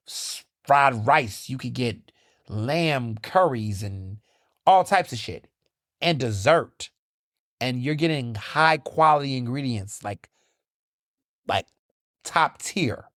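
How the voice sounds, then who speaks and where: A man hosting his own podcast, chatting casually and animatedly, telling stories with lively, high-pitched quoted asides. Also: dry recording, studio quality. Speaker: podcast host. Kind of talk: casual solo chat.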